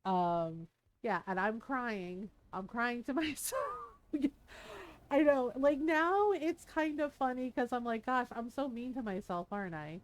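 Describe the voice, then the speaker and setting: A woman's voice: fairly high pitch, a little slow, slight background noise. A woman streamer chatting casually between game scenes, candid and emotional, laughing as she tells a personal story and acting out what people said. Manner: animated when acting out quotes.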